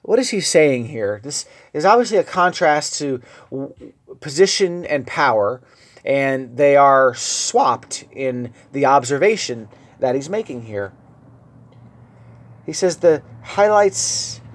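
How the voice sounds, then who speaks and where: A man's voice: mid-range voice, animated, takes it slowly. A man, a pastor, giving a sermon in a conversational way, mixing scripture readings with personal stories.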